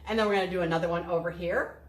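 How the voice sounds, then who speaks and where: A woman's voice: lowish voice, fairly even intonation, very fast. Encouraging woman teaching kids to draw. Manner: cheerful, encouraging, talks to children directly. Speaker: art teacher. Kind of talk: step-by-step drawing lesson for kids. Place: art studio. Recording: echoey room.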